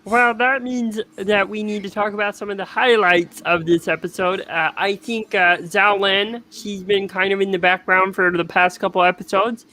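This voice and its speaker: Matter-of-fact co-host, bright voice, casual review. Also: mid-range voice, fairly even intonation, normal speed, few pauses.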